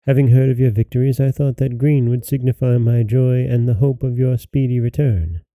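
A man voicing a flattering eldest princess in a fairy tale reading, with a very dark, dry voice. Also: medium pitch, normal speed, dry recording, lightly acted. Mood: eager.

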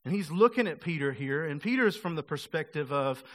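Male pastor, casual sermon delivery, bright tone, slightly high pitch. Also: lively intonation, a little fast. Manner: casual, conversational preaching, acts out quoted voices.

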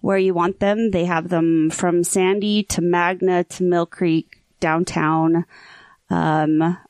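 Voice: medium pitch, level tone, slow, a little mellow, no room sound. A podcast co-host speaking in a friendly, informative way with small fillers. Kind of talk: casual podcast chat.

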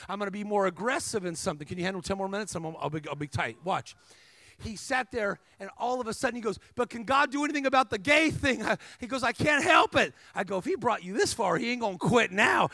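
A man preaching a sermon as a guest speaker, telling stories energetically with humor, asides to the crowd and emphatic shouts. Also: high voice, no room sound. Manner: energetic storytelling with humor and call-and-response asides; emphatic, rising to shouts at climaxes.

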